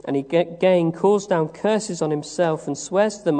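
A man from the West Country of England preaching a sermon, telling the story slowly with many "uh" pauses. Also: on the high side, warm tone. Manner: measured storytelling with frequent "uh" pauses. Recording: long reverb of a large hall.

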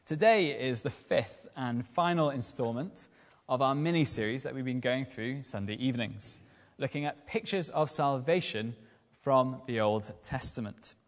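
A man giving a lively evening sermon as a lay preacher, using rhetorical questions and repetition. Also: mid-range voice, unhurried, long reverb tail. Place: church.

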